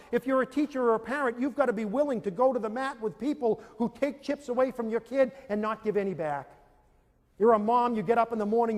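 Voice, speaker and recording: A man giving a motivational lecture to parents and teachers, telling stories animatedly and acting out scenes. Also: extremely high pitch. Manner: animated storytelling, acts out scenes with audience volunteers. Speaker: speaker on self-esteem for parents and teachers. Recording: long reverb of a large hall.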